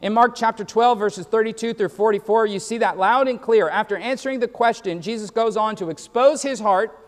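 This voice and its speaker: A man's voice: high-pitched, a little fast, long reverb tail. A man pastor preaching a sermon with emphatic, repetitive phrasing and quoted asides, in a church sanctuary.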